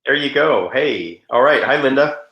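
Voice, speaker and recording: A man hosts a contest session, chatting casually and introducing winners. His voice is mid-pitched and bright, and it carries a roomy echo. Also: lively intonation, normal speed. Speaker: event host. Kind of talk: casual hosting chat.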